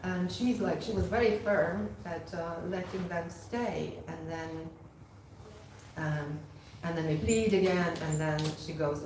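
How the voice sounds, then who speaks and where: A woman's voice: on the low side, measured pace, darkish tone, a little hiss or hum. A woman telling a devotional story at a temple gathering in a casual way, often saying "you know". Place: temple hall. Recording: echoey hall from far off.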